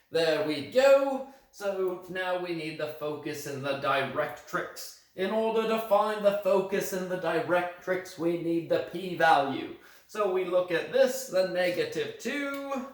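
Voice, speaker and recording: Man doing a mock British math teacher, slow and higher-pitched, phone at a distance in an echoey room. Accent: put-on British accent. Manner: steady step-by-step explaining, correcting own slips. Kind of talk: recorded remote lesson.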